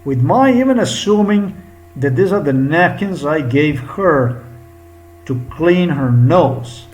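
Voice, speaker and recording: Man, upset vlogger, swears, unhurried. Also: a little high, lively intonation, a little mellow, rough recording. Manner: upset, profane, rambling. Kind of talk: agitated monologue.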